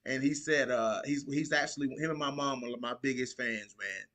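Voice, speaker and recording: A man's voice: medium pitch, normal speed, bright, forceful tone. A man hosting a casual podcast, talking in a laid-back, slangy way and laughing often. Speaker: podcast host.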